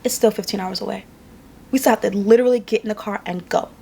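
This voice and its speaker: A woman's voice: medium pitch, fast talker, vocal fry, a little mellow, husky. A tired woman vlogger and makeup artist, telling a story casually to camera and repeating lines for emphasis.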